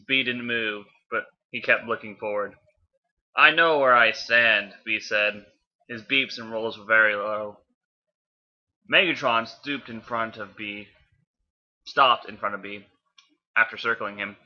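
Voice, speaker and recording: A man's voice: lowish voice, sharp tone. A man casually reading fanfiction aloud, offhand, often stumbling and correcting himself. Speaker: fanfiction reader. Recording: dull lo-fi home recording.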